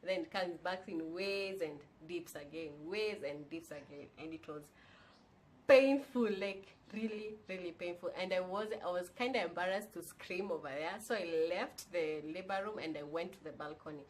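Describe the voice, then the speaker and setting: A woman's voice: on the low side, normal speed, slight background noise. Chatty young woman telling her story. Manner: chatty, candid, mixes in Swahili phrases. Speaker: vlogger. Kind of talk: casual personal storytelling.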